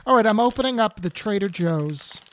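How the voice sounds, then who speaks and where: A woman's voice: mid-range voice, animated, a little fast. A woman hosting a podcast, chatting playfully and exclaiming as she tastes food. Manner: playful, exclaims while tasting. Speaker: podcast host. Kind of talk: casual chat, tasting food on a podcast. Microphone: podcast mic, guest on video call.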